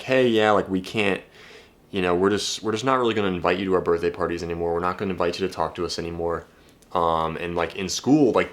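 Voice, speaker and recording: A young man talking casually to camera as a dating coach, blunt and energetic, swearing freely and restarting his sentences. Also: sits low. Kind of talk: casual direct-to-camera talk.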